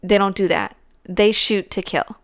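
A woman's voice: mid-range voice, fairly even intonation, a little slow, creaky, no echo, clean studio sound. A young woman co-hosting a casual true-crime podcast, thinking aloud with many fillers. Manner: musing, talks through thoughts with fillers. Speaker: podcast co-host.

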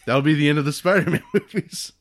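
A man's voice: fairly high pitch, fast. A young man co-hosting a casual movie chat, sarcastic and joking, laughing as he talks. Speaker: podcast co-host.

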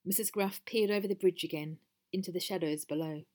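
A woman's voice: on the low side, brisk, a little mellow. Wry woman reading her own story. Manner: wry, conversational. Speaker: podcast host and storyteller. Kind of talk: storybook narration.

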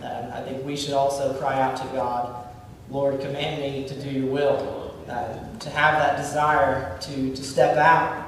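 A man's voice: medium pitch, little pitch movement, unhurried, few pauses. A man leading an informal Bible teaching, speaking conversationally with many fillers and restarts. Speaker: Bible study leader. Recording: distant mic in an echoey hall, faint room noise.

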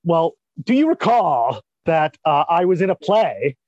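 A man's voice: on the high side, sing-song, darkish tone, dry recording, highs cut off. A man co-hosting a podcast in casual chat, playful and teasing. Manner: playful, teasing, quick to laugh. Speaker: podcast co-host.

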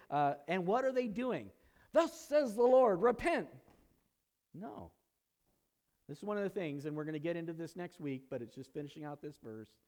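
A man preaching a conversational sermon in a church, teaching with casual asides and growing louder and higher when excited. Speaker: pastor. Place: church sanctuary.

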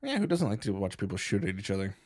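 A man's voice: fairly low pitch, sing-song, fast talker, a little mellow. A man acting as game master for a tabletop role-playing game, narrating with a jokey, teasing manner.

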